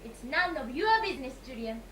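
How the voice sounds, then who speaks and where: A woman playing a prim, dismissive receptionist in an amateur stage comedy, crisp and formal. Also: high-pitched, expressive, a little fast, a bit bright. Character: cool, prim female receptionist. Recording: echoey hall, far mic, hiss.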